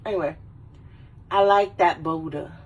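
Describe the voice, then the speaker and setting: Tipsy husky woman rambling casually. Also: lowish voice, recorded from a distance, rough recording. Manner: rambling, swears a lot, does quick silly movie voices. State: a little drunk. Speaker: vlogger.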